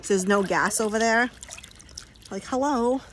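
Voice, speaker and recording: A woman's voice: on the high side, a little slow, slight background noise. A woman chatting casually on a livestream from her backyard pool, laughing often and talking to her dogs.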